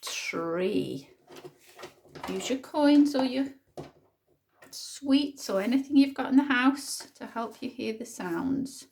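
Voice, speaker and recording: A woman teacher, thinking aloud and sounding out words slowly in a phonics lesson for young children. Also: high voice, vocal fry, darkish tone, a little hiss or hum. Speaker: primary school teacher.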